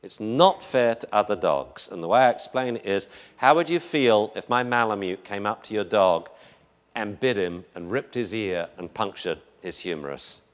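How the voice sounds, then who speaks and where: A man's voice: on the low side, lively intonation, moderate pace. A man giving a live lecture on dog behavior in a chatty, joking, anecdotal way.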